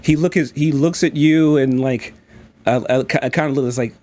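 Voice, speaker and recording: A man narrating a tabletop game as dungeon master, halting and full of fillers. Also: medium pitch, darkish tone. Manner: halting, many fillers and restarts.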